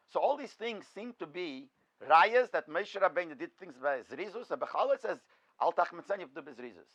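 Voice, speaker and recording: A man's voice: sits high, a bit bright, muffled recording. A man, a rabbi, giving an in-depth Torah lecture, posing questions and then answering them himself. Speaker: rabbi teaching a class.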